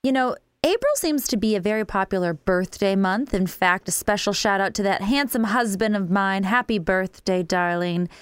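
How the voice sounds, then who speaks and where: A woman's voice: mid-range voice, normal speed, hardly any pauses, smooth, dry recording. A woman hosting a local radio talk show, gushing and promotional as she chats and plugs local businesses.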